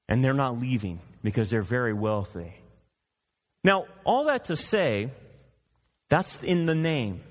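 Animated preaching man in a reverberant hall. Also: high-pitched. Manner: emphatic, animated preaching with mocking quoted voices. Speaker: pastor. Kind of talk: sermon.

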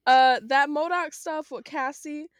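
A woman's voice: high voice, steady tone, a little slow, no echo, studio quality. A woman co-hosting a casual movie review chat, emphatic and blunt. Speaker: podcast co-host.

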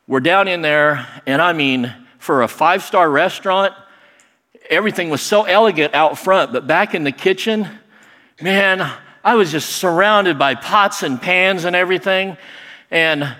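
A middle-aged man telling a personal story in a lively, animated way, acting out other people's lines. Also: sits high, measured pace. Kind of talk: personal story told to an audience. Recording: long hall reverb.

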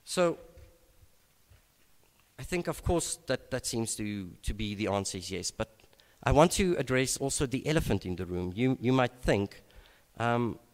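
A man preaching a sermon at an evening gathering, unhurried and reflective, with frequent hesitations and restarts. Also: medium pitch, lively intonation. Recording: long reverb of a large hall.

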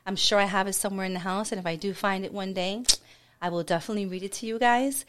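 A woman's voice: mid-range voice, steady tone, fast, slight background noise. Earnest woman sharing a sweet story. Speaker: podcast guest, partner of a host. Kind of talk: casual chat.

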